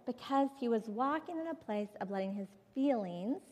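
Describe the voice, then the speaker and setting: A woman's voice: a little high, expressive, moderate pace, a little mellow. A middle-aged woman speaking at a conference, giving a candid, emphatic personal testimony in a sermon style, recorded in a large hall. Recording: long hall reverb.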